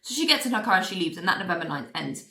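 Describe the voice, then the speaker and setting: A woman's voice: fairly low pitch, sing-song, bright, forceful tone. A young adult woman casually reviewing a book, exasperated and sarcastic, swearing freely and racing through plot recaps with lots of "like". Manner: rapid plot recap with filler "like". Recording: roomy echo.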